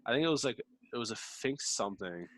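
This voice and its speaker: A man's voice: mid-range voice, expressive, fairly quick, a bit bright, no room sound. A man in casual chat at a book club, rambling with many fillers.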